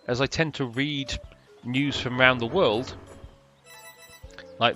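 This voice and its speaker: Dry sarcastic British man, bright voice. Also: medium pitch. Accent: British English. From Britain. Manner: dry, sarcastic, rambling asides. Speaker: gameplay commentator. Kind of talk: casual gameplay commentary.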